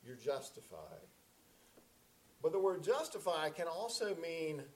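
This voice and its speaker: A man's voice: a little high, big pitch swings, a little slow, low-quality recording. A man preaching a sermon as pastor in a conversational, folksy way with many fillers.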